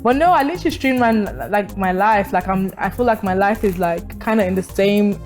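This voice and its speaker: A bubbly woman in her twenties with a British accent talks as a guest on a morning radio show. She laughs easily and peppers her talk with "like", her pitch sitting in an ordinary middle range. Faint music plays behind her. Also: a little fast. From Nigeria, raised in Britain. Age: 20s. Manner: bubbly, laughs often, many likes. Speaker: guest, actress and tech founder. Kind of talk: casual radio chat.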